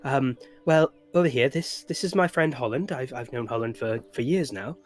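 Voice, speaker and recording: A man's voice: medium pitch, moderate pace, over music, lightly acted. A man with a British accent voicing a polite, flustered male rabbit-folk bard who stammers and apologises. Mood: apologetic. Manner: stammering, apologetic, gently formal.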